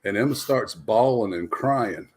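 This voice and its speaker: A man's voice: lowish voice, lively intonation, unhurried, husky. A man telling funny family stories on a talk panel, laughing as he goes. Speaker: panelist parent. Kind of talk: casual storytelling.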